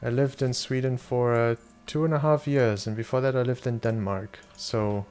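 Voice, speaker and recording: A man's voice: mid-range voice, fairly even intonation, normal speed, darkish tone. A young German man chatting loosely with his viewers while playing a game, swearing casually and answering chat questions. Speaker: streamer. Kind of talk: casual live-stream chat.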